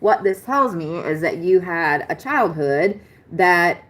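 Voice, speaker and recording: Low-voiced chatty woman reading astrology. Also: slow pace. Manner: chatty, excitable, swears casually. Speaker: astrology reader. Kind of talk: live-stream astrology reading.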